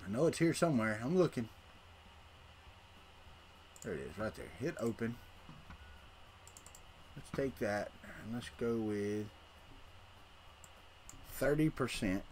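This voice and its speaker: A man's voice: medium pitch, expressive, slow, pauses often, a little mellow, a little hiss or hum. A middle-aged man, hosting a casual livestream and rambling to his chat while he tinkers. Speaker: livestream host.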